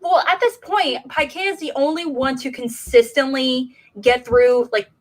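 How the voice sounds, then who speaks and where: A woman's voice: sits high, steady tone, a little slow. A woman co-hosting a casual movie chat who talks hesitantly, full of fillers and restarts. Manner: hesitant, many fillers like "you know" and "uh". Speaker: co-host.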